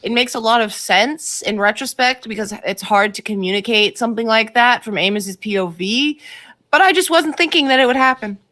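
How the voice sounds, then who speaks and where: A woman's voice: a little high, fairly quick, sharp tone. A woman guest on a casual TV review chat, enthusiastic and knowledgeable, with plenty of fillers.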